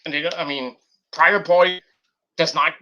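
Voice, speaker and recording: A man's voice: fairly high pitch, steady tone, moderate pace, sharp tone, lo-fi sound. A man giving a rambling, profane and exasperated review of a wrestling show. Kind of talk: casual rant review.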